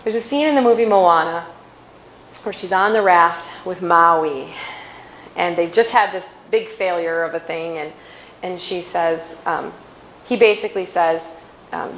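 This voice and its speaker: A woman giving a faith-based inspirational talk at a conference, chatty and quick to laugh, often correcting herself mid-sentence. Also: lowish voice, a bit bright, a little hiss or hum, low-quality recording. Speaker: conference speaker.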